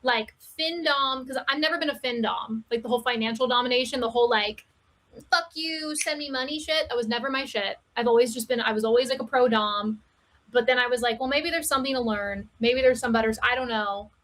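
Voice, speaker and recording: Woman podcast guest, high-pitched, candid and animated, casual chat. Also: quick pace. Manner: candid, laughing, animated storytelling. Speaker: guest, cam performer.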